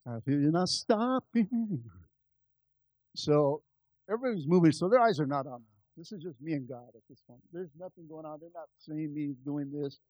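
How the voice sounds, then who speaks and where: A man preaching with a fairly high voice, recorded dry and close. He tells a personal story to his church, dropping to quiet asides and then rising to loud, lively peaks. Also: moderate pace, slightly rough, no echo, dull audio. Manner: animated, swings from soft asides to loud climaxes. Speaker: pastor. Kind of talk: storytelling sermon.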